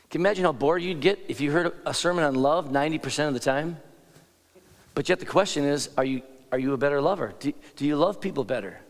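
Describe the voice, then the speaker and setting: A man preaching as a pastor, talking in a loose, conversational way, often breaking off mid-sentence and turning to the congregation with asides. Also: fairly high pitch. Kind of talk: sermon. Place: large church hall. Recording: long reverb of a church hall.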